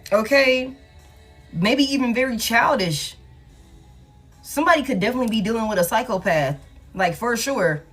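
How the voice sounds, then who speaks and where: A woman's voice: fairly high pitch, lively intonation, normal speed, long pauses, a bit bright, breathy edge, soft background music. A woman doing a casual tarot reading. She talks bluntly, swears freely and repeats her lines. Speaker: tarot reader.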